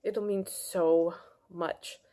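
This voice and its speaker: A woman's voice: lowish voice, steady tone, very slow, mellow. A woman talking earnestly to camera in a casual, rambling monologue, full of restarts and fillers, as a wellness vlogger.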